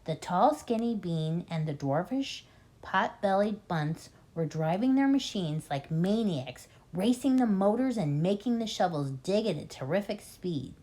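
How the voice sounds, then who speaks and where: A woman reading a children's book aloud as a reading tutor, with expressive, lively storytelling. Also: medium pitch, a little slow.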